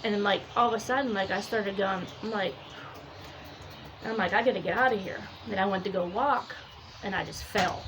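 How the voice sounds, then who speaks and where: A woman's voice: medium pitch, a little fast. Woman, casual storyteller, rambling delivery with reported speech, faint hiss behind. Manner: rambling, animated, full of fillers and reported speech. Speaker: storyteller recounting a dream.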